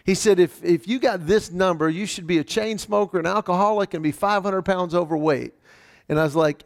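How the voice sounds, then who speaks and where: A man with a gravelly edge and a slightly high voice tells a personal story to a live audience. He talks in an animated way, acting out each quoted voice. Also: a little fast. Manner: animated, acts out quoted voices with rising pitch. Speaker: speaker telling a personal story.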